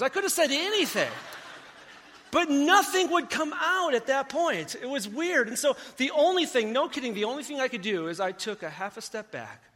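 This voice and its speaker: Very high-voiced man preaching in a hall. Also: animated, normal speed, sharp tone. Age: adult. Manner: conversational storytelling, talks to the congregation. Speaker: pastor. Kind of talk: sermon.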